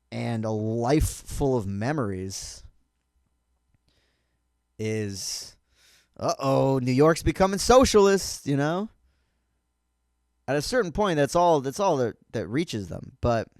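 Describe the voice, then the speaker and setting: A man hosting a podcast, talking in a rambling, sardonic comedic monologue with lots of restarts, turning softer and halting when he gets personal. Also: dry recording, clean studio sound. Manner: sardonic, rambling, pitch swooping up and down. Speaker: podcast host.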